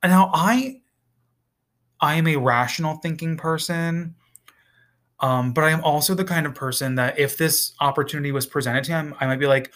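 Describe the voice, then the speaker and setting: A man's voice: a little high, moderate pace, fairly bright tone. A man reviewing a TV series in a casual vlog, rambling and exasperated, with frequent swearing.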